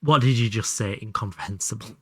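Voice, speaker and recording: Husky, pushed and bright, his lowish voice moves fairly quickly as he plays a game on a live stream. The young man is from Hull, England, speaks with a Hull Yorkshire accent, and keeps up chatty talk full of swearing and laughing asides, with no room sound.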